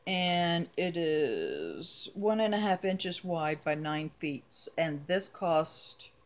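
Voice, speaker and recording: Slow, chatty woman showing craft supplies. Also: deep voice, very animated. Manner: unhurried, chatty, with frequent ums. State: has the hiccups. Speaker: craft haul vlogger. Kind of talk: casual show-and-tell.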